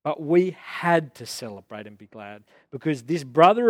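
A man delivers a lively sermon in a somewhat high voice. The sound is dry and close to the mic. He swings into indignant, mocking outbursts as he drives his points home. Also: moderate pace, few pauses, dry recording. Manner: animated, rising to indignant mock outbursts. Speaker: pastor.

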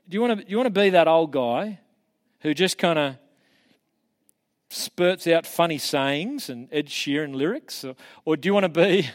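Earnest man preaching. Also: on the high side. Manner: earnest, conversational, encouraging. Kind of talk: casual teaching talk.

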